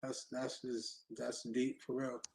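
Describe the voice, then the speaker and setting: A man responding in a halting way, searching for words during a casual group discussion. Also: mid-range voice, completely flat delivery, vocal fry, slight background noise. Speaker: open mic participant responding.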